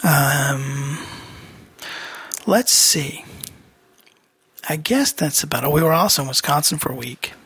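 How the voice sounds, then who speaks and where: A man's voice: on the high side, expressive, slow, pauses often, pushed and bright, breathy edge, no echo. A man hosting a podcast, giving a casual personal update in a rambling way with many fillers and restarts. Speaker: podcast host.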